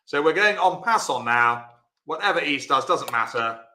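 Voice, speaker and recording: A man's voice: a little high, expressive, normal speed, pushed and bright, reverberant. A man teaching a live-streamed bridge lesson, chatty and encouraging, answering viewers by name.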